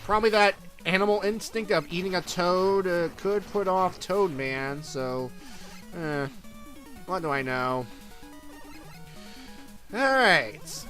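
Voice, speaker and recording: High, bright-voiced rambling gamer guy. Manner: rambling, lots of fillers and self-corrections. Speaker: let's play commentator. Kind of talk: casual gameplay commentary.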